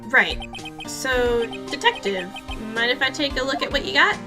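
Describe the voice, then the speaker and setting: A woman's voice: sits high, expressive, normal speed, music in the background. A woman voicing an earnest young male defense lawyer, polite and questioning. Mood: probing.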